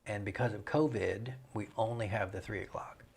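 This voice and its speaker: A middle-aged man talks in a low, gravelly voice. He explains his work in a measured, conversational way. A faint background hiss sits under the recording. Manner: measured, explanatory, breaks into rhythmic vocal imitations. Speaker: mayor and pastor, interview guest. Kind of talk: relaxed conversational interview.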